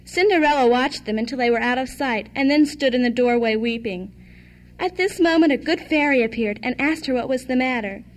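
High-voiced woman reading a fairy tale. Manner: even, measured reading. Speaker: storyteller. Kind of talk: fairy tale read aloud.

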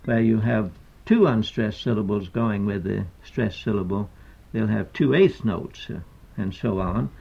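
Slow, gravelly older man lecturing. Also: fairly low pitch, darkish tone, dull audio. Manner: hesitant, deliberate, many pauses and fillers. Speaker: poet. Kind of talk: lecture on meter.

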